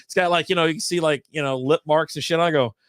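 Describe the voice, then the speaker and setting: A man's voice: fairly high pitch, steady tone, fast talker, no echo, studio quality. A middle-aged man co-hosting a casual beer chat, rambling and profane, telling stories and acting out what he said, laughing often. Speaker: co-host of a beer talk stream.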